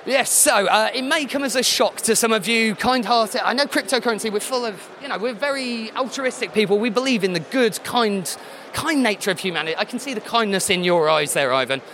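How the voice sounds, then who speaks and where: A man hosting a live quiz show in a deadpan, sarcastic way, slightly hoarse as he loses his voice. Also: high voice, fairly quick, few pauses, slight background noise. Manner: deadpan sarcasm, teasing the audience.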